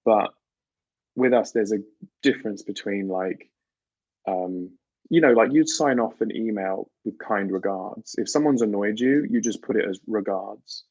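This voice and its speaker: Chatty British man, husky dull lo-fi audio. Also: on the low side, unhurried, dry recording. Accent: British English. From United Kingdom. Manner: chatty and animated, laughs often, reads out viewer comments. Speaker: livestream host. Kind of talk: casual chat with live viewers.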